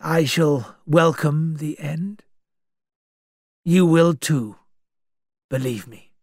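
A man voicing a sad, resigned old general who talks slowly and quietly in a storybook reading. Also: fairly high pitch, dry recording, studio quality, exaggerated voice. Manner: slow, quiet and grave.

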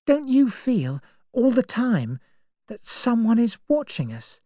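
A woman's voice: a little high, big pitch swings, slow pace, dark tone, dry recording, clean studio sound, pitched above the performer's own voice, heavily acted. A woman voicing a frightened young woman in an audiobook reading, speaking anxiously and pleadingly. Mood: uneasy. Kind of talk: storybook reading.

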